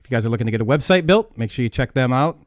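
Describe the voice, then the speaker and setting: A man's voice: medium pitch, animated, very fast, no echo, clean studio sound. A man hosting a live talk show, reading sponsor thanks in an upbeat, joking way. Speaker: podcast host.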